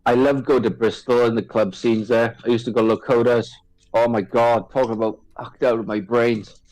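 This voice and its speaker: A man's voice: mid-range voice, fairly even intonation, moderate pace, darkish tone, low-quality recording. A man co-hosting a casual chat, loose and laughing, swearing freely as he reminisces.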